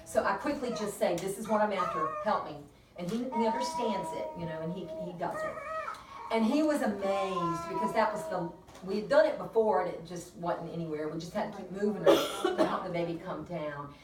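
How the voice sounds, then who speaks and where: Her voice sits at medium pitch and moves fairly quickly as she, a midwife, tells fellow staff about a birth in a chatty, laughter-filled way at a peer review. Captured from a distance in a roomy, noisy space.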